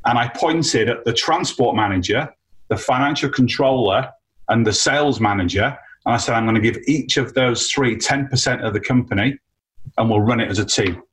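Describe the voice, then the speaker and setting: A man's voice: medium pitch, moderate pace, low-quality recording. Man telling a business story. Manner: animated anecdote with many fillers. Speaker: entrepreneur guest. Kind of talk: casual storytelling.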